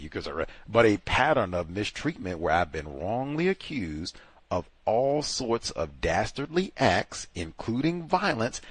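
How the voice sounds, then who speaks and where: Emphatic low-voiced man hosting a talk show. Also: dry recording. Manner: animated, emphatic, acts out other people mockingly. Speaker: host. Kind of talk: call-in advice talk show.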